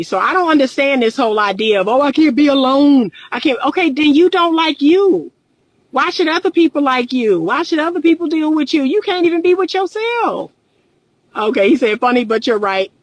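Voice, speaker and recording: A woman's voice: sits high, fairly bright tone, no room sound, rough recording. A middle-aged woman and relationship coach, talking candidly and emphatically in a casual livestream, repeating her points and often laughing.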